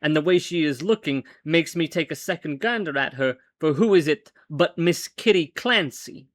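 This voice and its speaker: A man hosting a show and reading an old-fashioned story aloud, with wry, deadpan storytelling and small stumbles. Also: on the high side, normal speed, no echo. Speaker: host and reader.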